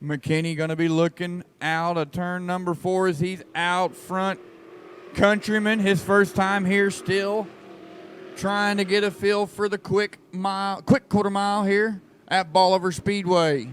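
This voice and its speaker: Excitable high-voiced race announcer man. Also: measured pace, clean tone. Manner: excitable, joking with the crowd, folksy. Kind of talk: live race commentary over a PA.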